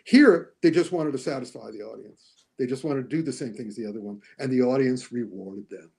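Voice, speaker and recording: A man talking casually as a podcast guest about films, animated, often acting out lines he quotes. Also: medium pitch, brisk, vocal fry, breathy edge. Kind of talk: casual podcast movie discussion.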